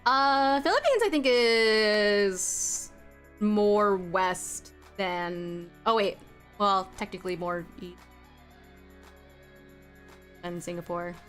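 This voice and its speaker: Woman streamer chatting w her chat while drawing, mid pitch, laughs a lot, soft music playing under. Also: very slow, long pauses. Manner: chatty, answering chat aloud, laughs often.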